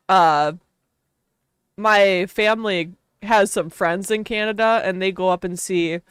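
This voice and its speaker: A woman's voice: fairly low pitch, clean tone, dry recording, clean studio sound. A young woman from Wisconsin with a Wisconsin accent, chatting casually on a stream, rambling and laughing often.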